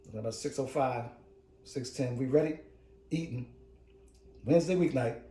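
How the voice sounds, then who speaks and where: A man's voice: mid-range voice, normal speed, warm tone, roomy sound, far from the mic, rough recording. A middle-aged man hosting a home cooking vlog in his kitchen, chatty and joking, calling his viewers "cooks".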